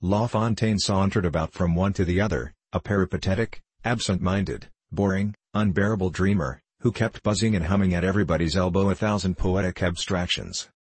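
Deep husky male narrator. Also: fairly quick, few pauses, no room sound. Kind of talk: audiobook narration.

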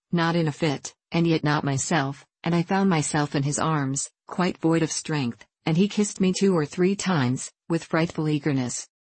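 A woman narrating a classic novel as an audiobook, in a measured, earnest reading. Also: deep voice, a little mellow, no room sound.

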